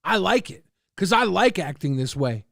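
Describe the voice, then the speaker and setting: A man streaming casually, reading and answering chat in a loud, profane, combative rant. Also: sits high, big pitch swings, moderate pace, gravelly, no echo, studio quality.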